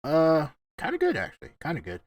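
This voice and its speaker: Animated, swearing young podcast host. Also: male voice, fairly high pitch, fairly quick, dry recording. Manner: profane, excitable, laughs often. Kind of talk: casual gaming-friends chat.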